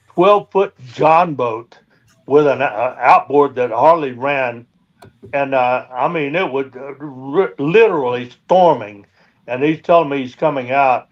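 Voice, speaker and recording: A man's voice: medium pitch, highs cut off. A man, a guest on a live stream, telling boat stories in a rambling way with many fillers. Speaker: guest, dredge boat owner. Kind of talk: casual storytelling.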